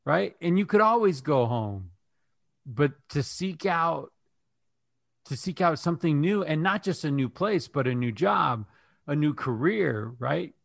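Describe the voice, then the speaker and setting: A man's voice: fairly high pitch, expressive, measured pace, creaky, dry recording, studio quality. A man co-hosting a podcast who chats casually with a guest, telling stories with an upbeat manner and laughing easily. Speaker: podcast co-host. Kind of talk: casual interview chat.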